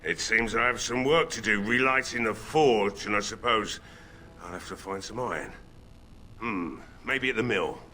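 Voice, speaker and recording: An actor playing a weary, bitter old village blacksmith who has been drinking heavily, gruff in manner. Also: male voice, fairly low pitch, moderate pace, bright, forceful tone, a little hiss or hum. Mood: resigned. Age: older. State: drunk. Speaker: game character.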